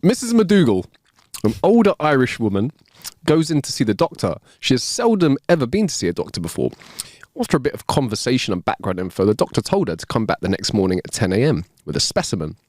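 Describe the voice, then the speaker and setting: A man co-hosting a podcast, reading jokes aloud in an expressive, casual way. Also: dry recording. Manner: expressive reader, swings pitch widely. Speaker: podcast co-host. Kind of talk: casual joke-telling chat.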